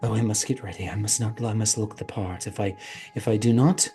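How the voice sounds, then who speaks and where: Unhinged old noblewoman, fussy and rambling, shrill outbursts, put on by a man. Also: fairly even intonation, a little fast, mellow, faint music behind, natural voice. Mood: fretful.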